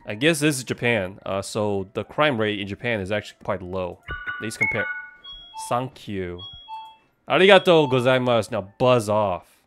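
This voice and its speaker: A man's voice: on the low side, moderate pace, a bit bright, faint music behind. A man streaming a game, chatting to viewers and reacting to what happens on screen. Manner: chatty, talks to chat and game characters, startles easily. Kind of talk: live game stream commentary.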